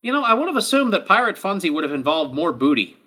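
A man's voice: high voice, very animated, fast, sharp tone. A man playing a tabletop role-playing game, cracking jokes with mock-posh phrasing. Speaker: player. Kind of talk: tabletop role-play chat.

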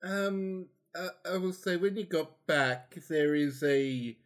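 A man's voice: a little high, slow pace. A man playing in a casual tabletop game, talking hesitantly with many fillers. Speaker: player.

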